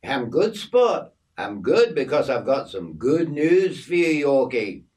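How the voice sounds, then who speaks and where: A man's voice: medium pitch, big pitch swings, takes it slowly, darkish tone, pitched above the performer's own voice. A man voicing a friendly, grinning outback bloke with an Australian accent and breezy matey slang. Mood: cheery.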